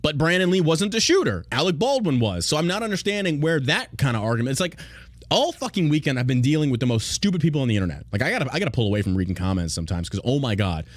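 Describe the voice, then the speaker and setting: A man's voice: medium pitch, very animated, fast, dry recording. Blunt, profane man ranting on a podcast. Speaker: podcast host. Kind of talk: casual podcast rant.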